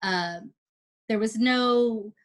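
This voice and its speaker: A woman's voice: a little high, extremely slow. Chatty woman telling a story. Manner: chatty, animated retelling with quoted dialogue. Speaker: first-time amateur athlete. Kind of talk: casual storytelling.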